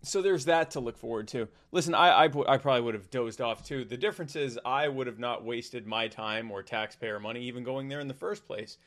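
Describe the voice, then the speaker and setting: A man co-hosting a casual political commentary show, sarcastic and wry, tossing in quick asides and updates. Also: medium pitch, a bit bright. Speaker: co-host.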